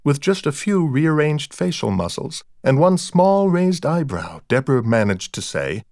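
A man's voice: on the high side, big pitch swings, a little slow, few pauses, a little mellow, no echo. Dry, wry male audiobook narrator. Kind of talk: first-person scripted narration.

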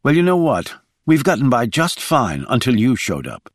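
A man's voice: medium pitch, huge pitch swings, moderate pace, no room sound, clean studio sound, pitched above the performer's own voice. A man voicing a defensive woman agent. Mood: defiant. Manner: heated, defensive retorts. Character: sharp-tongued British woman agent, defensive.

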